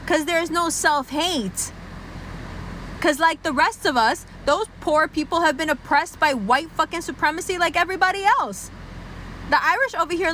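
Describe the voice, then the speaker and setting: A woman with a high, bright, sharp voice delivers a profane comedic rant on her podcast. She talks brashly and mockingly, and a faint hum of noise runs behind her. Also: animated, moderate pace, poor audio. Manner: brash, profane, mocking, drops into low put-on voices to quote people. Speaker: podcast host.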